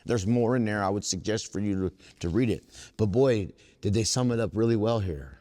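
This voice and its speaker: A man speaking at a twelve step workshop, earnest and preacher-like, slowing down to stress his points. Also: lowish voice, mellow, long reverb tail. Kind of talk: recovery workshop talk.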